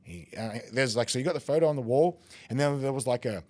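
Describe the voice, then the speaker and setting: A man with an Australian accent, a podcast guest telling a story in casual chat, lively and quick to laugh. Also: mid-range voice. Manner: animated, laughing, acts out quoted voices. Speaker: podcast guest, competitive eater.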